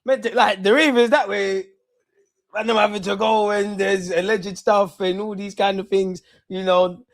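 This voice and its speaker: A young man, hosting a live football watch-along. He chats casually and excitedly in slang, speaking straight to his viewers. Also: high-pitched. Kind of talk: casual live-stream chat and commentary.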